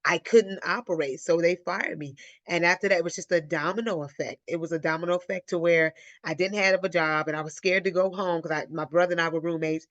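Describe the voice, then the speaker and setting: A woman from Illinois hosting a live Q&A, telling a personal story in a casual, animated way and acting out the voices she quotes. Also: fairly low pitch, fairly quick, dry recording, dull audio. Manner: animated, acts out quoted voices, addresses listeners as y'all. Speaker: host of a live Q&A.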